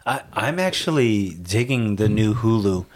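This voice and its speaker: A man chatting casually, asking questions with frequent ums and easy pauses. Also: lowish voice. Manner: relaxed, asks questions, hesitant fillers. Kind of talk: casual chat.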